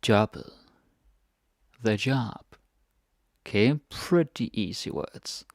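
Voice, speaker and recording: Guy teaching a chill language lesson, kinda low gravelly voice, repeats everything, says "right?" a lot. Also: takes it slowly, no echo, clean studio sound. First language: Danish. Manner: relaxed, repeats words, asks "right?" often.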